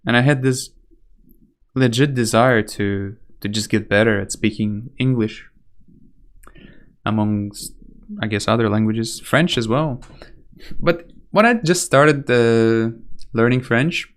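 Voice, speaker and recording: A young man from Russia with a light Russian accent, chatting casually on a live stream, rambling and correcting himself often. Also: mid-range voice. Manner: rambling, hesitant, self-correcting, casual swearing.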